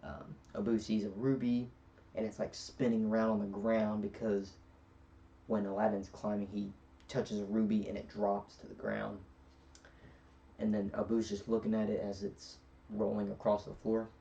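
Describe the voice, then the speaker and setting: A man rambles through a casual film recap, full of fillers. His tone is mellow and sits back from the mic. The recording is dull and lo-fi. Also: lowish voice, flat delivery, moderate pace, gravelly, distant mic. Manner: rambling retelling with many fillers. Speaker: film reviewer.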